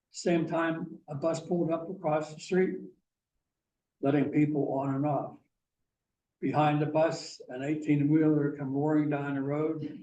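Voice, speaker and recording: A man from Pennsylvania giving a talk, telling a personal story slowly and deliberately. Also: on the high side, warm tone. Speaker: guest speaker. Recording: echoey room, mic far off, faint hiss.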